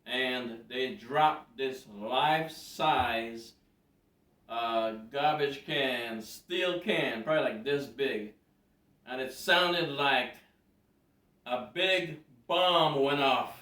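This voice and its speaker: A man's voice: medium pitch, unhurried. Guy vlogging, chatty storytelling, repeats stuff for emphasis, mic kinda far, roomy echo. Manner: animated, repeats words for emphasis. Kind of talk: casual storytelling.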